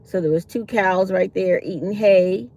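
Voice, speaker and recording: Mellow and medium-pitched, this woman speaks unhurriedly while hosting a casual livestream. She tells stories in a chatty way, calls her audience y'all, and acts out what people said.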